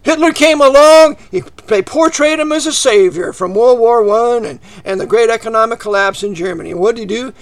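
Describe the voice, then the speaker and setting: A man preaching a fiery, ranting monologue to his listeners, often breaking into shouts and dropping to low, quiet asides. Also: a little fast, few pauses.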